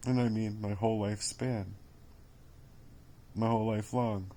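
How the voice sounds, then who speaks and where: A man's voice: lowish voice, steady tone, dark tone. A man talking in a rambling personal monologue, exhausted, bitter and sarcastic, swearing often and repeating himself. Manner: repetitive, halting phrasing. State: exhausted and worn down. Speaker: vlogger.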